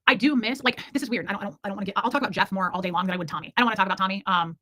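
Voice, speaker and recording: Brief: woman, 40s, livestream host; very quick, bright, candid and rambling chat, dry close mic. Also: mid-range voice, dry recording. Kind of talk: casual livestream chat reading comments.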